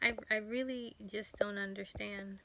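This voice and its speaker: A woman vlogger giving a personal testimony, talking earnestly with frequent pauses and fillers. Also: mid-range voice, fairly even intonation, vocal fry, pushed and bright. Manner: halting, earnest, many fillers.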